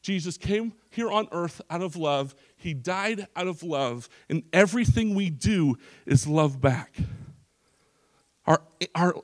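A male pastor preaching a sermon in a church service, emphatic, with frequent restarts and repeated phrases. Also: fairly high pitch.

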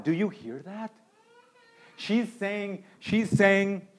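A man preaching a sermon as pastor, swinging from quiet near-whispers to loud, emphatic passages. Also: high-pitched, animated, drawn-out words. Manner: dramatic preaching with wide swings in volume.

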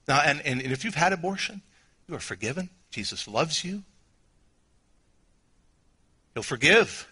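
A middle-aged man with a Southern US accent preaching a sermon as pastor, emotional, swinging from quiet, low passages to near shouting. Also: slightly rough.

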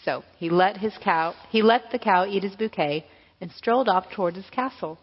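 Woman pastor, expressive children's storyteller; echoey hall, dull sound. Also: mid-range voice, normal speed, slightly rough.

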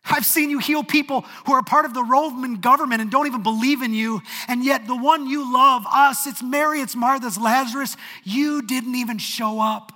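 An angry, grieving woman, voiced by a man mid-sermon, in a pitched-up, raised voice. The sound is sharp and bright, and a long hall reverb trails every phrase. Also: normal speed, few pauses, exaggerated voice. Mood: accusing. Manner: accusing, raised voice.

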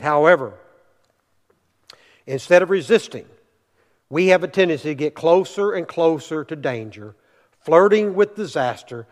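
Male pastor, slightly high voice, emphatic sermon delivery with repetition, reverberant sanctuary sound. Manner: emphatic preaching, rising loud for rallying lines, dropping low to teach; repeats key words for emphasis. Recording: long reverb of a large hall.

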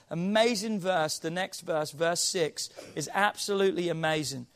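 Speaking at a moderate pace with hardly any pauses, a high-voiced pastor with a non-local accent gives a sermon to his congregation in a church hall. He playfully tests the room with questions, reads scripture, and climbs toward emphatic appeals.

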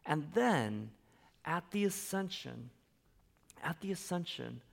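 A man's voice: on the high side, big pitch swings, takes it slowly, vocal fry. A man preaching a sermon in a conversational way, often checking in with the listeners and making playful asides. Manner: conversational preaching with frequent tag questions. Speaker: pastor.

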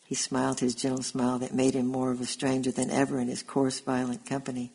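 Story narrator: male, gravelly and husky, steady reading on an even line. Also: medium pitch, fairly quick, hardly any pauses, low-quality recording. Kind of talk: reading a historical story aloud.

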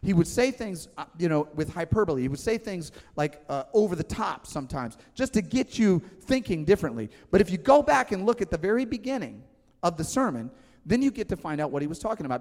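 A man preaching a sermon in a lively, conversational way, acting out the quoted voices. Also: high-pitched, fast. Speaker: pastor. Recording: long hall reverb.

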